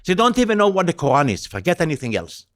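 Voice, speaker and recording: Animated, sarcastic man from Israel. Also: fairly high pitch, fast. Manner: emphatic, sarcastic, repeats words. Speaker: author and guest. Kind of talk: animated conversational storytelling.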